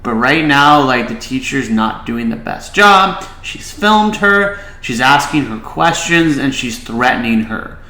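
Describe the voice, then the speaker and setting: A man's voice: mid-range voice, lively intonation, measured pace, hardly any pauses, sharp tone, echoey room, low-quality recording. A man, a child behavior specialist, giving casual reaction commentary and advice, with many filler "likes".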